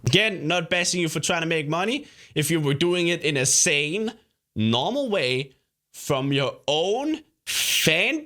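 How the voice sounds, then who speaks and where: Young youtuber guy ranting back at a clip, sarcastic, kinda high and bright. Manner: indignant, sarcastic. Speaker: YouTuber host. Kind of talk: reaction commentary.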